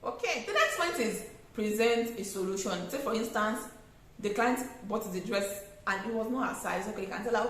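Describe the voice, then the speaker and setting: A young Nigerian woman with a Nigerian accent giving customer service tips in a casual vlog, animated and acting out exchanges with customers. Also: medium pitch, moderate pace, very echoey, rough recording. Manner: animated, acts out customer exchanges, laughs often. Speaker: small business owner giving tips.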